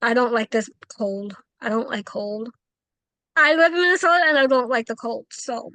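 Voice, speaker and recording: A woman paranormal investigator telling stories in a casual interview, animated and acting out quoted dialogue. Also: a little high, normal speed, no room sound.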